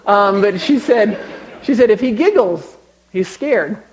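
A man's voice: high voice, lively intonation, unhurried, low-quality recording. A young man preaching a sermon, telling stories conversationally and building to emphatic exhortation.

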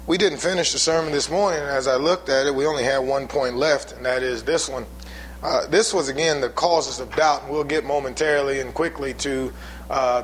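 A man's voice: on the high side, fairly bright tone, slight background noise, low-quality recording. A man pastor preaching a sermon in a church, often building to emphatic, raised-voice passages.

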